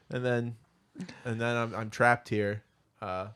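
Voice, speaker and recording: A man's voice: medium pitch, flat delivery, slow, long pauses, clean tone. A man co-hosting a pop culture podcast, rambling and self-mocking as he laughs through his talk. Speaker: podcast co-host. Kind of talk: casual podcast banter.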